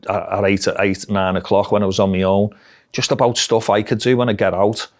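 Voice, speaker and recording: A middle-aged man with a Liverpool Scouse accent, telling his life story bluntly and frankly in an interview. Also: fairly low pitch. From Liverpool, England. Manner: blunt, dialect-heavy, frank. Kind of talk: candid personal storytelling.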